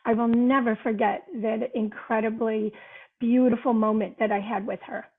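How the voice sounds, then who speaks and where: A woman's voice: fairly high pitch, level tone, moderate pace, vocal fry. An older woman, a guest author, telling a personal story in an earnest way during a podcast conversation. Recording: tinny phone-line sound.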